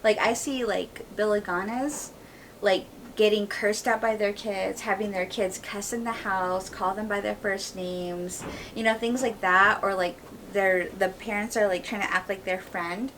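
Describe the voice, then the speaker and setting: A woman's voice: mid-range voice, steady tone, measured pace, a bit bright, far from the mic, slight background noise, low-quality recording. A woman co-hosting a podcast, speaking candidly and firmly in casual conversation, with frequent fillers. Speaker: podcast co-host.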